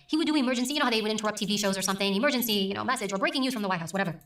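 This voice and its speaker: A middle-aged woman who works as a news presenter, talking emphatically and deliberately as an interview guest. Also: medium pitch, a bit bright, reverberant, far from the mic. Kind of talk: conversational interview.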